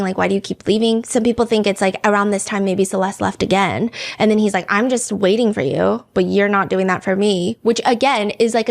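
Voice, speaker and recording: A woman hosting a podcast, telling a true-crime story in a casual, chatty way, often saying "like" and "you know" and reading out quotes. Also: mid-range voice. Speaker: podcast host.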